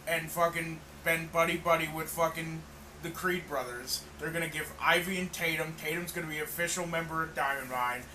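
A man's voice: a little high, fairly even intonation, fairly quick, pushed and bright, slight background noise, rough recording. A man co-hosting a casual wrestling podcast, rambling, swearing and correcting himself mid-sentence. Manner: rambling, profane, self-correcting. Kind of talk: casual chat.

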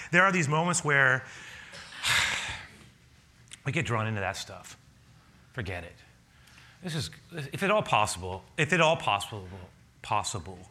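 Guy preaching, super lively storytelling, really bright voice, bit of faint room noise. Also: mid-range voice. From a city. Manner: animated storytelling, acts out dialogue with laughter. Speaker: pastor. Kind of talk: sermon with personal story.

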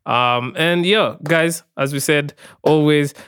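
Smooth-voiced laid-back male podcast host. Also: on the high side, slow pace, a bit bright, no room sound, clean studio sound. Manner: laid-back, peppers speech with "bro" and "man". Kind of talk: casual podcast outro chat.

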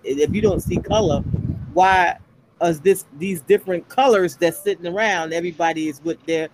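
A woman's voice: lowish voice, normal speed, a little mellow, slight background noise, poor audio. A woman chatting on a podcast, telling stories animatedly and acting out the voices she quotes. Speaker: podcast panelist. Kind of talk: casual chat.

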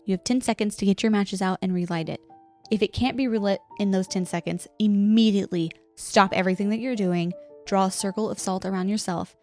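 A woman co-hosting a podcast, reading out spooky game rules slowly and deliberately between casual chat. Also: medium pitch, a little mellow. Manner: reads rules slowly and deliberately, laughs often. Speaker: podcast co-host.

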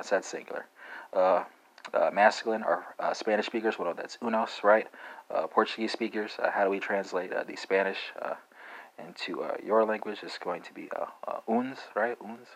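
A man's voice: lowish voice, rough recording. A man with a Texas accent giving a casual spoken language lesson, full of fillers and questions like "right?". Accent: Texan. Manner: halting, frequent fillers and tag "right?". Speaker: language teacher.

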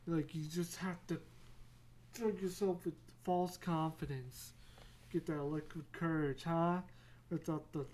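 There's a little hiss or hum behind this podcast host, a woman with a low, darkish voice. Alone at the mic, she chats casually and wanders off on tangents, cursing freely and making jokes at her own expense.

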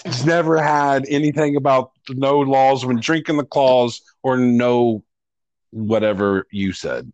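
A man's voice: mid-range voice, a little slow, darkish tone, no room sound. A man chatting as a podcast guest, joking around and protesting in mock indignation. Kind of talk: casual comedic banter.

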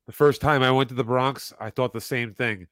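A man's voice: mid-range voice, fairly even intonation, moderate pace, a bit bright, dry recording. A man co-hosting a casual podcast, laid-back and teasing, giving offhand advice. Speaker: podcast co-host. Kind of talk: casual chat.

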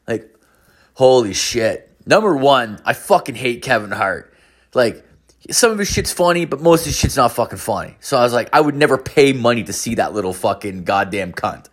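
A man's voice: medium pitch, animated, moderate pace. A man in his late thirties telling a rambling, profanity-heavy story about drunk calls and hangovers. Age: 30s. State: hungover. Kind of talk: casual storytelling monologue.

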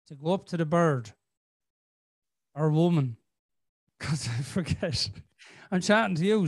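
A man's voice: high voice, no room sound, studio quality. A middle-aged man, hosting a podcast as a rambling storyteller who swears freely. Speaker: podcast host. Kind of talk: casual chat.

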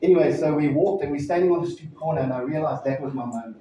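A man's voice: fairly high pitch, mellow, slight background noise. Man preaching from far off in an echoey hall. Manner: conversational storytelling, halting restarts. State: emotional, near tears. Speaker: pastor. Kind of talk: sermon. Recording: distant mic in echoey hall, dull sound.

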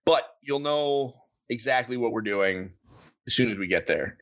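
A man's voice: mid-range voice, animated, unhurried, a bit bright. A man hosting a casual podcast, playfully running a word game with his co-host. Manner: playful, reads aloud with a put-on pirate lilt.

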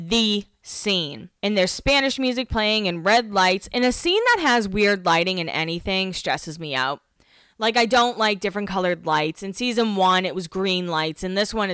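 Woman host, gossipy reality-TV recap, smooth clear voice, dry close sound. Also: fairly bright tone, no echo. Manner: gossipy, jumps between topics, acts out quotes in a higher voice. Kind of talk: casual chatty recap. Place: home, alone.

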